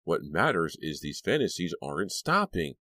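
A man's voice: low voice, sing-song, normal speed, bright, forceful tone, full character voice. A man voicing a frantic teenage girl haunted by violent visions, screaming and pleading.

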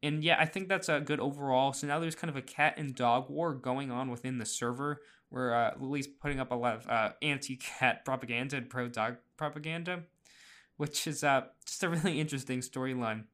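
A chatty man talking through a casual podcast recap at a middle pitch. He fills pauses with "uh" and restarts his sentences, and small laughs slip in. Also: fairly even intonation, a bit bright. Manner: chatty, laughs often, many fillers and restarts. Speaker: podcast host.

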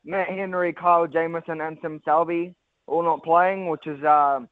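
A man's voice: fairly high pitch, fairly even intonation, normal speed, clean tone, no room sound. Man, radio caller, hesitant, tinny phone line, dry sound. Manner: hesitant, many ums, earnest. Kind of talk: casual phone-in chat.

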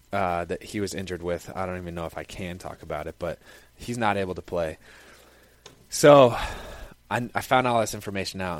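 A young man recounts a personal story in a lively, conversational way. His voice sits fairly low, and the sound is close and dry with no room around it. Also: no room sound. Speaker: football player. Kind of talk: casual first-person storytelling.

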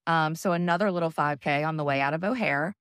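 A woman hosting a podcast, telling a travel story in a loud, profane, animated way with frequent laughs. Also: low voice, fast, clear, resonant tone, no room sound, studio quality. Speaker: podcast host. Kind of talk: casual storytelling chat.

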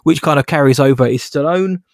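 A man co-hosting a casual film review podcast, animated and sarcastic, laughing as he talks. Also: fairly high pitch, fairly quick, no echo, studio quality.

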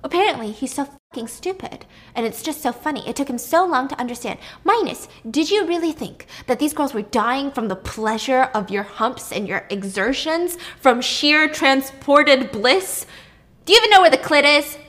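A woman's voice: fairly high pitch, normal speed, sharp tone. A woman voicing a scheming queen who talks down to everyone with taunting condescension. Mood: mocking.

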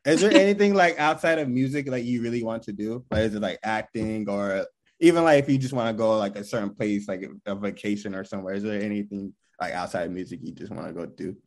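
A man's voice: lowish voice, fast talker. A man hosting a podcast interview, asking loose questions full of fillers. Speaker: podcast host. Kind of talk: casual interview.

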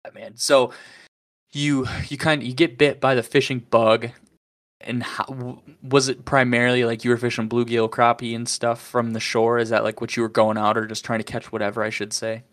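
A man's voice: mid-range voice, little pitch movement, normal speed, fairly bright tone. A young man hosting a podcast, telling stories in a laid-back way, full of "dude" and "like". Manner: laid-back storyteller, says "dude" and "like" a lot. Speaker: podcast host. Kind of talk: casual chat.

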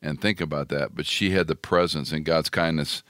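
A man's voice: a bass voice, fairly even intonation, moderate pace, fairly bright tone, dry recording, clean studio sound. A man hosting an interview, sympathetic, often finishing his guest's sentences.

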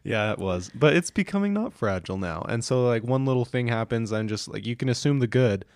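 A young man co-hosting a podcast, talking in a relaxed, reflective way. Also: mid-range voice, a little fast, no echo, clean studio sound. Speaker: podcast co-host. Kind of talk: casual chat.

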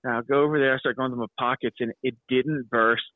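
A man's voice: medium pitch, fairly even intonation, dry recording, phone-quality sound. A man hosting a podcast, chatting casually with stammering restarts. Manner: quick reactions, stammering restarts. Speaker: podcast host. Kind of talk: casual chat.

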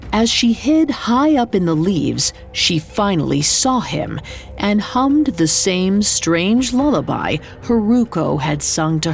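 A woman's voice: lowish voice, creaky. A woman narrating a folklore tale in a scripted, dramatic storytelling delivery. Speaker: podcast narrator. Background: faint music.

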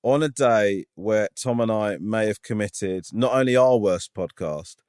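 A man's voice: on the low side, moderate pace, darkish tone, clean tone, no echo, studio quality. A man co-hosting a podcast, reading a listener's email and chatting in a sincere, self-deprecating way. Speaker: podcast co-host.

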